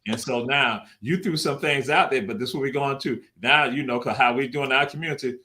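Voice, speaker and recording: A man's voice: medium pitch, brisk, bright, forceful tone. A male host runs a casual live talk show. He is folksy and repeats his questions in a call-and-response rhythm.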